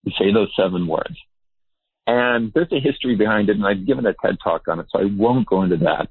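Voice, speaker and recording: Husky-voiced man on a tinny line. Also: fairly low pitch, a little fast, dry recording. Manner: earnest, emphatic explainer. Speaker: behavior researcher. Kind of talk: interview guest explaining.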